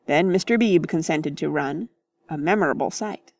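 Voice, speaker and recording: Low-voiced woman reading a classic novel. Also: normal speed, a little mellow, dry recording. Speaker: audiobook narrator. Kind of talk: scripted narration of a classic novel.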